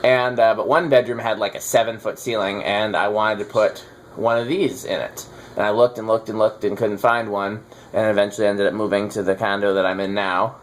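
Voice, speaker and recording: A man with a fairly low, flat voice talks fairly quickly while hosting a casual chat as he tests ceiling fans. This fan collector rambles and teases, using plenty of fillers. Faint background noise sits under the recording.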